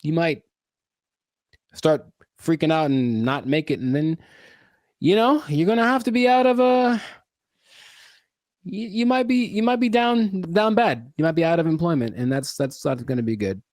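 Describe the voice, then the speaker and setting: A man's voice: a little high, animated, moderate pace, long pauses, darkish tone, dry recording, studio quality. A young man co-hosting a podcast, chatting casually and joking, often trailing off and restarting his sentences. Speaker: podcast co-host. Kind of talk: casual chat.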